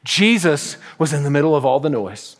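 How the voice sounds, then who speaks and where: A middle-aged man preaching a sermon as pastor, telling stories and acting out little asides in an animated way. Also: fairly high pitch, moderate pace. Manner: animated storytelling with acted-out asides. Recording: long reverb of a large hall.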